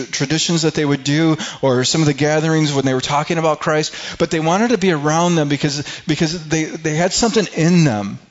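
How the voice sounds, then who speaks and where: A man's voice: on the high side, highs cut off. A middle-aged man preaching a sermon as pastor in a church, often restarting and repeating words as he builds to emphatic peaks.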